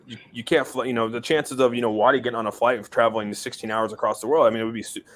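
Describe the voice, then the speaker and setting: A man's voice: medium pitch, fairly even intonation, very fast, a bit bright. A man co-hosting a casual live stream over a voice call, rambling with lots of fillers and swearing casually. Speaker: stream co-host.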